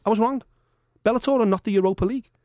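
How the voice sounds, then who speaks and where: Podcast host, man, high voice, animated sweary ranting, dry mic. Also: racing, no echo. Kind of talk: casual chat.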